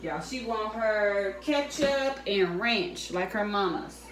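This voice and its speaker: A woman's voice: mid-range voice, lively intonation, takes it slowly. A young woman chats casually while she cooks at home with her daughter. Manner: casual, talks to viewers as "y'all" while correcting her child. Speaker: vlogger cooking with her daughter. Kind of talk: casual home cooking vlog chat. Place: home kitchen. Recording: echoey room with clear noise.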